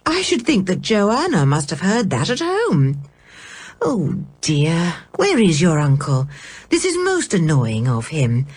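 A woman's voice: fairly low pitch, huge pitch swings, slow, darkish tone, slightly rough, exaggerated voice. A woman reading a storybook, voicing a fussy, fretful middle-aged mother.

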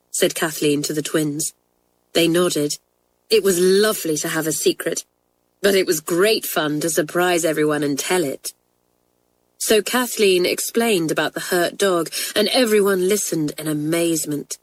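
A woman's voice: deep voice, unhurried, dry recording. Woman reading a storybook. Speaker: narrator.

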